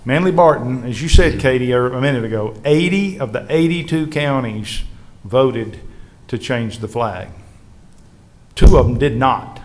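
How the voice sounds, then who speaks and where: A state legislative leader recounts anecdotes for a live history panel audience in a mid-range voice at a measured pace. He tells them earnestly and with animation, performing the lines of his colleagues.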